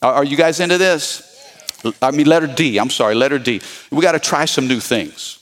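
A man's voice: a little high, brisk, fairly bright tone. A man preaching a sermon as pastor, repeating his key points and calling out to the congregation.

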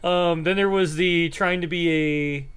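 A man's voice: a little high, steady tone, takes it slowly, fairly bright tone, clean tone. A man co-hosting a podcast in casual chat, stumbling over words with restarts and laughing often. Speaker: podcast co-host.

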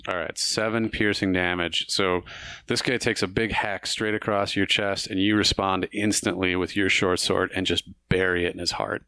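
Deep-voiced man narrating a tabletop game. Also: level tone, moderate pace, gravelly, bright, forceful tone, clean tone, dry recording, studio quality. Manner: vivid, playful combat narration with crude jokes. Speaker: game master.

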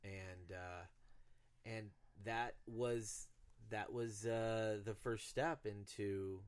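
Low-voiced man telling a story with profanity. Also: fairly even intonation, very slow, clear, resonant tone. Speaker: podcast co-host. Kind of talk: casual storytelling chat.

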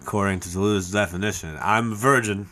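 A man co-hosting a podcast, chatting casually with quick wry reactions and quips. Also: fairly low pitch, fairly even intonation, fairly bright tone. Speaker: podcast co-host. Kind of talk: casual chat.

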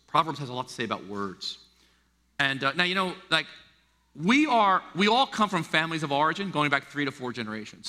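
A middle-aged American man preaching a sermon, animated and acting out the voices he quotes. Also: a little high. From United States. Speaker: pastor. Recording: long hall reverb.

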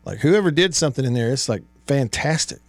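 A man hosting a sports talk radio show in a studio, animated and exasperated, asking rhetorical questions. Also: mid-range voice, fairly quick, gravelly, dry recording. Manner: animated, exasperated, rhetorical, rising to near shouts. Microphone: studio microphone.

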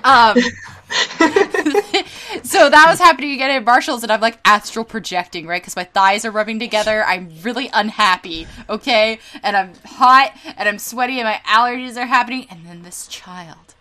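A young woman from Northern California, her voice on the high side and her speed normal, co-hosts a podcast. She tells a comic everyday story in casual chat, animated and dramatic, with swearing asides and lots of laughter.

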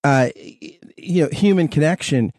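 Man, podcast co-host, middle pitch, dry sound, earnest, repeats words. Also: normal speed, a little mellow, no echo. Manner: earnest, stammering restarts. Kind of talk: casual chat.

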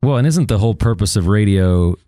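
Male podcast co-host, low warm voice, dry sound, relaxed chatty analysis. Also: fairly quick, no echo. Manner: easygoing, laughs often, chatty analysis. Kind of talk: casual sports chat.

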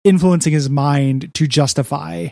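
A man's voice: a little high, fairly even intonation, unhurried, creaky, dark tone, no room sound, clean studio sound. A man co-hosting a podcast, recapping a comic book in casual, rambling chat full of "you know" and "like". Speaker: podcast co-host.

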